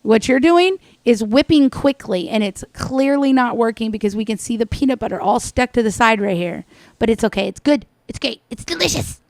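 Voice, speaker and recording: Snarky female reaction commentator, higher pitch, dry close mic, scolding tone. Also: normal speed, darkish tone, no room sound. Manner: sarcastic, scolding, mocking. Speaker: commentator reacting to another vlogger.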